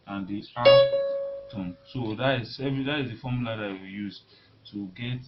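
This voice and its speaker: A man teaching a beginner piano lesson, talking in a halting way and repeating words as he demonstrates at the keyboard. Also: fairly low pitch. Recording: lo-fi recording with loud piano. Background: piano notes being played.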